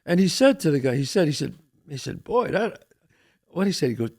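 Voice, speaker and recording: Male talk-show host, animated storyteller, slightly high voice that swings up and down a lot. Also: moderate pace. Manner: animated storyteller who acts out quoted lines. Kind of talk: casual chat.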